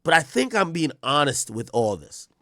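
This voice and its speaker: A man streams his reaction commentary in a blunt, ranting way, swearing freely and talking straight at the subject. His voice sits a little high and swings widely in pitch. The close mic sounds dry, with no room echo. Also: sing-song, moderate pace, sharp tone.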